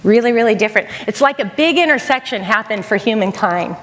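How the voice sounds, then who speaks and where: Middle-aged woman, higher voice, earnest chapel talk, long hall echo. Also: expressive, fast talker. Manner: earnest and conversational, repeats phrases for emphasis. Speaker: chapel speaker. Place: college chapel.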